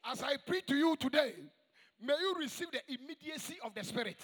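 A man preaching a sermon to a church congregation, emphatic and call-and-response, with shouted high points. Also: expressive, fairly quick. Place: large church hall. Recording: long echoing church reverb.

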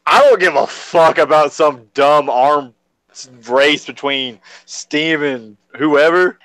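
A man's voice: a little high, slow, a bit bright, no room sound, rough recording. A man co-hosting a casual podcast chat, laid-back and bluntly swearing. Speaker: podcast co-host.

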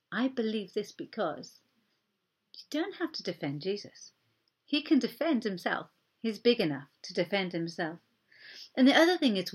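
A woman preacher giving a sermon in an earnest, gentle way, often dropping to a soft near-whisper for emphasis. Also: medium pitch, breathy edge.

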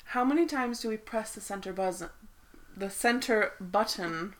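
A woman of medium pitch co-hosting a relaxed chat. She rambles, restarts and trails off mid-thought in an easy, chatty way. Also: measured pace. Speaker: podcast co-host. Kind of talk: casual chat.

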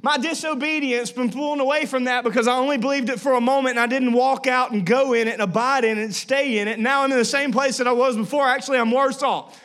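A man in his thirties preaches a sermon with a notably high-pitched voice. He tells stories with playful humor, acting out little voices along the way. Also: fast talker, hardly any pauses. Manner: animated storytelling with playful asides and acted-out voices. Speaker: pastor.

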